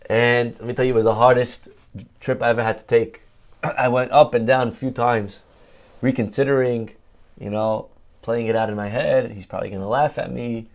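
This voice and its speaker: A middle-aged man giving a sermon as a rabbi, telling a personal story in an animated, conversational way. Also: mid-range voice, normal speed.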